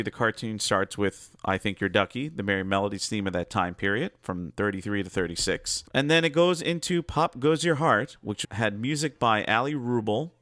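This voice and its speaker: A man's voice: on the low side, a bit bright, no room sound, clean studio sound. A man giving a casual, upbeat music trivia segment as a guest, chatty and prone to digressions.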